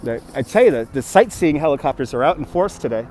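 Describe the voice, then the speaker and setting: Fast and animated, this man's fairly high voice carries a darkish tone over a little hiss or hum. He's a Brooklyn, New York native hosting a laid-back livestream by a city river outdoors, using a phone on a gimbal, reading viewers' messages out loud and thanking people who donate.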